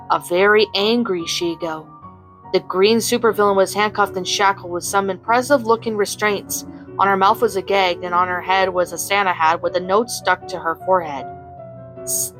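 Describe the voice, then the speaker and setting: A woman narrating a fan fiction story in an even, unhurried way, with small slips now and then. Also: medium pitch, soft background music, low-quality recording.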